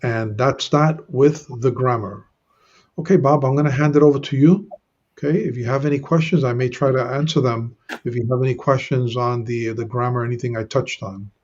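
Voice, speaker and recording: A man patiently explaining Hebrew grammar in an online lesson, often pausing with "uh" and "okay". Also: mid-range voice, fairly even intonation, a little mellow, highs cut off. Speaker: Bible Hebrew grammar teacher.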